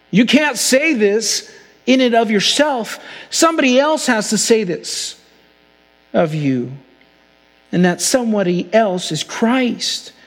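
High-voiced man preaching a sermon. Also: big-room sound. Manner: earnest preaching, slows for emphasis. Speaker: pastor.

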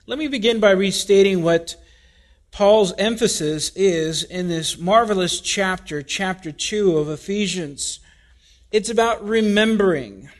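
Slow, high-voiced male preacher. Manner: deliberate, emphatic preaching with repetition. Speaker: pastor. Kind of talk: sermon.

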